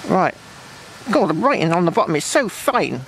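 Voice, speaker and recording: A man with a West Country accent, his voice sitting a little high, rambles cheerfully to the camera while detecting out in open countryside. His talk wanders and he chats to himself as he goes. The outdoor recording carries a clear hiss with rain and wind behind him. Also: big pitch swings, normal speed, a bit bright, rough recording. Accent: West Country English. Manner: chatty, rambling, talks to himself while working. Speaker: metal detecting vlogger. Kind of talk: casual commentary to camera. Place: outdoors in rural fields.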